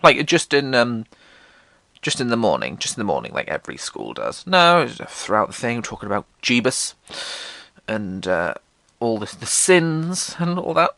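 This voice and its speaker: A man's voice: huge pitch swings, normal speed, creaky, bright, forceful tone, no echo. A man telling funny stories about his own life in an irreverent, self-mocking way, swearing freely and acting out what people said. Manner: acts out quotes in jumpy pitch. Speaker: podcast host. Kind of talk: comedic personal storytelling.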